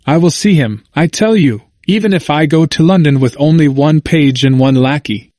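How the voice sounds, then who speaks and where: A man's voice: a little high, normal speed, darkish tone, no room sound, clean studio sound, close to an everyday voice. A man voicing an ambitious, effusive French king, declaiming his lines with emphasis. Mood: fervent.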